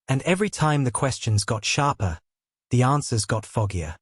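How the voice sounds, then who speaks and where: A man's voice: mid-range voice, animated, normal speed, husky, no room sound, studio quality. A man delivering scripted online commentary in a punchy, sarcastic way.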